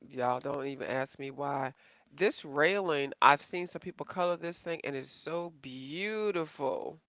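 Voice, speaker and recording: A woman's voice: on the low side, a bit bright, no room sound. A woman hosting a casual live-stream and chatting to viewers. She rambles, calls them y'all and pokes fun at herself. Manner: self-deprecating. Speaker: coloring channel host. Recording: slightly dull, dry home recording.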